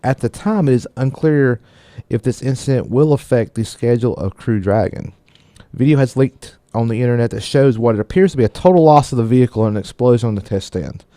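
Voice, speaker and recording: A brisk man with a medium-pitched, dark voice reads tech news aloud as co-host of a casual radio show. When he trips over words, he jokes about it. There is no room sound.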